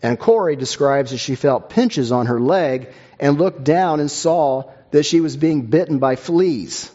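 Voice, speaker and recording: A man preaching a sermon and reading a story aloud in a measured, earnest way, with a few slips and fillers. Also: a little high, dark tone, lo-fi sound.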